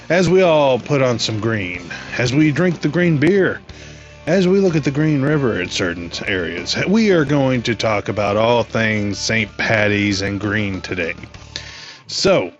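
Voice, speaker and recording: A man's voice: mid-range voice, lo-fi sound. Chatty man hosting a podcast. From United States. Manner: chatty, rambling, animated asides. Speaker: podcast host. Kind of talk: casual solo podcast.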